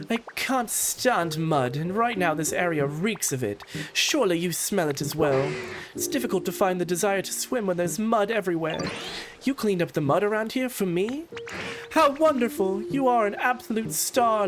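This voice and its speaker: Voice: mid-range voice, pitched above the performer's own voice, close to an everyday voice. Streamer putting on a posh English lady Lapras. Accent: posh English (put on). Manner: elegant, warm, flattering. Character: gracious motherly female Lapras, posh and gentle. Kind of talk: reading game dialogue aloud in character. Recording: game music playing behind.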